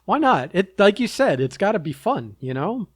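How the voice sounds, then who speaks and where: A man's voice: high-pitched, big pitch swings, moderate pace. A man co-hosting a podcast in casual chat, laughing and throwing in jokes and encouragement. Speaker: podcast co-host.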